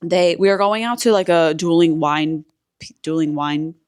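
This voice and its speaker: Touring indoor resort spaces for her vlog, a woman offers easygoing narration punctuated by exclamations about what she sees. Her fairly low voice is smooth and a touch mellow, at a normal speed.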